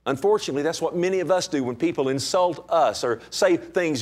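A man's voice: brisk, few pauses. A man preaching a sermon, explaining scripture and acting out its characters. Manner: animated, acts out scripture characters; pitch swings widely for emphasis.

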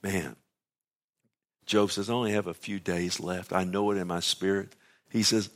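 A man with a lowish voice preaches a sermon in an easy conversational way. He reads lines of scripture and then puts them in his own words. His delivery swings between loud urgent pleading and low, hushed passages. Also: fairly even intonation, normal speed.

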